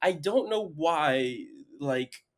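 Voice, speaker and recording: A man's voice: on the high side, animated, drawn-out words. A young man in his twenties, co-hosting a podcast from home, telling stories in a rambling way full of fillers. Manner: rambling, filler-heavy storytelling. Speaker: podcast co-host. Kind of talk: casual chat. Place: home, remote recording.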